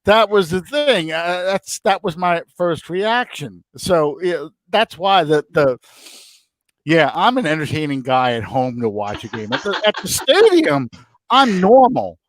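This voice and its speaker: A middle-aged man in a casual sports chat at home, excitable and rambling, his pitch leaping all over and sitting a touch high. The sound is dry and close, with no room around it. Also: measured pace, no echo. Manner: excitable, rambling, animated storyteller. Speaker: podcast co-host.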